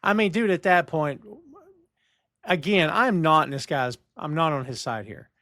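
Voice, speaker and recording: This man co-hosts a TV review podcast, bluntly recapping plot and scenes in casual chat while acting out the characters' lines. His voice is on the high side, pushed and bright, at a moderate pace, with studio-quality sound and no echo.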